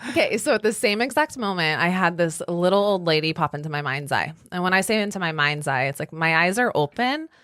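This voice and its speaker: A woman in her thirties talks as a podcast guest, chatty and animated, with plenty of casual fillers. Her voice sits lower than most women's. The sound is dry and close, with no room around it. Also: brisk, hardly any pauses, no echo. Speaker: podcast guest, salon owner. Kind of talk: casual storytelling chat.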